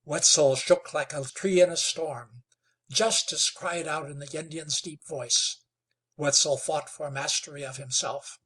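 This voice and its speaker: A man reading a western novel aloud in a measured, steady way. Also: fairly high pitch, slightly rough. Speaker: audiobook narrator. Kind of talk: scripted narration.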